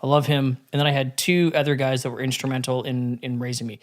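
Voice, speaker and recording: A man's voice: medium pitch, level tone, fast talker. Candid, profane man telling a story. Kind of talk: casual podcast conversation.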